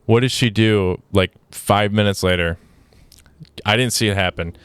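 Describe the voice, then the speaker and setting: A man's voice: on the low side, moderate pace, a bit bright, clear, resonant tone, no echo. A young man hosting a podcast, telling a story in a casual, rambling way with many restarts, sounding exasperated. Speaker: podcast host.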